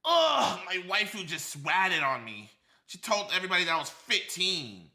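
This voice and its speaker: A man's voice: high-pitched, sing-song, normal speed, pushed and bright, exaggerated voice. A man voicing a whiny, self-pitying young man calling a hotline.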